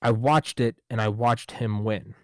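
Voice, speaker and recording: Animated, profane man hosting a podcast. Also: fairly low pitch, dry recording. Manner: animated, profane, rhetorical questions, quick asides. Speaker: podcast host. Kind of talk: casual monologue on a podcast.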